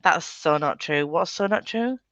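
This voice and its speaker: A woman's voice: lowish voice, animated, unhurried, fairly bright tone, no echo, lo-fi sound. A woman with an English Midlands accent, chatting casually and giggling often, playfully mimicking accents. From England. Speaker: booktube host. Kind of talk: casual video call chat.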